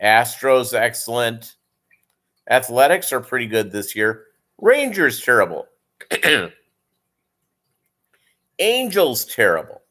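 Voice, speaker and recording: A man's voice: medium pitch, sing-song, slow, long pauses, pushed and bright. A man who breeds fish, chatting casually and rambling on his live stream and calling viewers "gang".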